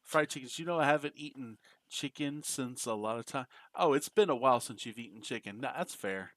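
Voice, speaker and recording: A man's voice: medium pitch, animated, a little fast, fairly bright tone, no echo. A man from the United States, streaming a game and chatting casually, joking, laughing often and answering chat aloud. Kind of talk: casual live-stream chat while gaming.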